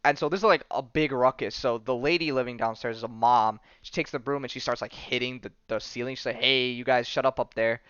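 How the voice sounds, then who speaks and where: A male podcast host talks through a comic plot in a loose, rambling way, full of fillers and quick laughs. His voice is smooth and clear, at an ordinary pitch for a man. The recording is dry and slightly dull. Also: a bit bright, no echo. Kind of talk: casual comic-book recap.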